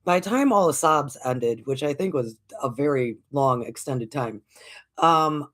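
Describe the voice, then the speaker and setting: A woman's voice: extremely low pitch, unhurried. A woman in her forties telling a story casually as a livestream host, acting out the voices of the people in it and laughing often. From United States. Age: 40s. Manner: animated, acts out quoted voices, laughs often.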